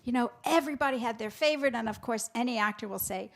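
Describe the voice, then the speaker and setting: A woman's voice: on the high side, fast, hardly any pauses, a bit bright. A woman hosting a student musical theater showcase, thanking the teachers and speaking directly to the students in a friendly way. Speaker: program host for a musical theater education foundation.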